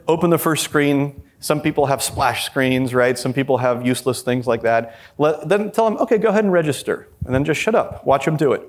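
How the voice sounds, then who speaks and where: A man giving a live workshop talk at a conference, blunt and candid, acting out quoted dialogue with shifting pitch. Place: conference session with a live audience.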